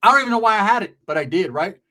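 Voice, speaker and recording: A man telling a rough personal story in casual, profane street slang, animated and conversational. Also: high voice, very fast.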